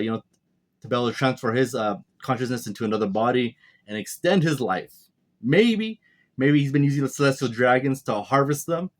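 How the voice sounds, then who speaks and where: A man casually reviewing a comic chapter, rambling and speculating aloud with many fillers and restarts. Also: mid-range voice. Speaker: manga reviewer. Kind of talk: casual commentary.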